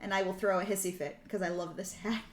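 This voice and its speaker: A young woman streams a casual language lesson in a live-stream chat, her mid-range voice quick with fairly even intonation. She's chatty and rambling, laughing often between points, and the recording has roomy echo and crowd noise.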